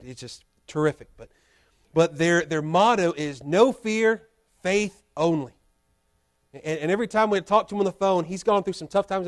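A male pastor preaching a sermon in a church, earnest and full of repeated rhetorical questions. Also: high voice. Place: church sanctuary.

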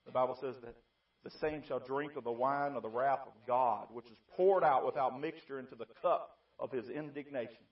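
A man preaching a fiery sermon, moving between quiet pleading and loud shouting. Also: medium pitch, a little fast, hardly any pauses. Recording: distant, dull lo-fi mic.

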